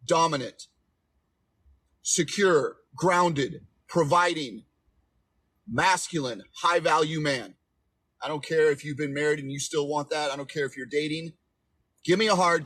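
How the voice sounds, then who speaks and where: A man in his forties speaks with a slightly high, husky voice as he gives relationship coaching on a livestream. He is emphatic and repetitive, and he keeps checking in with his viewers. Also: a bit bright. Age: 40s. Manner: emphatic, repetitive, preachy, asks "okay?" often. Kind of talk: livestream advice talk.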